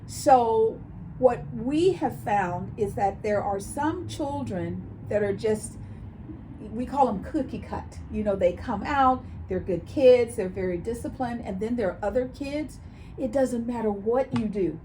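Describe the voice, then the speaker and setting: A woman's voice: a little high, a little slow, slight background noise. A woman co-hosting a casual chat show, telling stories and acting out quoted voices as she talks. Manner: animated storyteller, acts out quoted voices. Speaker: co-host.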